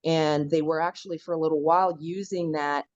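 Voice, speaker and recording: A woman guest telling her story in a casual conversation, animated and full of "like" fillers. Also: sits low, a little fast, no room sound. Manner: animated, acts out quoted dialogue, many "like" fillers. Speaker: podcast guest, local activist. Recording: dull lo-fi dry audio.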